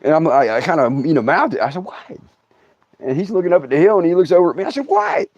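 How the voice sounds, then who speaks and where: A middle-aged man, hosting a comic storytelling livestream, laughing through his tale and breaking into loud outbursts. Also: on the high side, lively intonation, rapid-fire, no echo. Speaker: comedian host. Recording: dull, dry sound.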